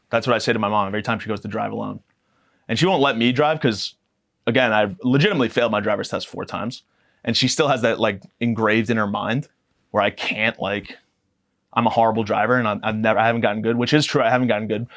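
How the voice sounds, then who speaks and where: A man's voice: medium pitch, a bit bright. Profane man ranting for laughs. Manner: profane, rambling, mock-outraged. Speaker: podcast guest. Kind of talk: comedic storytelling rant.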